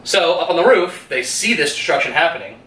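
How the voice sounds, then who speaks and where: Animated, swearing man reviewing a movie. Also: on the high side, brisk. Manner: animated retelling, swears freely, laughs often. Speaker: podcast co-host. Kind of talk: casual movie review chat. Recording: roomy room, mic at a distance, faint hum.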